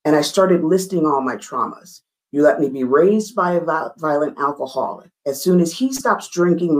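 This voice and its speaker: In an interview, a woman earnestly and forcefully recounts a frank personal story, her pitch shooting up when excited. The recording quality is low.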